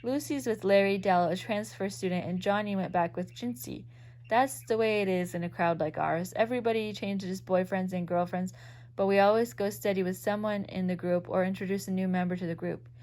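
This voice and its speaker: A woman reading an old magazine story aloud, in a steady, even storytelling manner. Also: medium pitch, normal speed. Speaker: reader.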